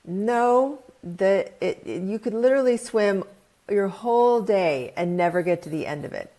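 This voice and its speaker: A woman's voice: medium pitch, expressive, a little slow, warm tone, voice pushed up, lightly acted. Woman voicing a worldly, patient ocean frog in a spoken parable.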